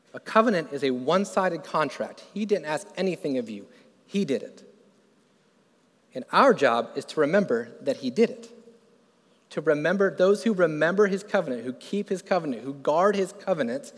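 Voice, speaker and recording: A man preaching a sermon who asks the congregation questions and builds from quiet to loud and fervent. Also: a little high, big-room sound.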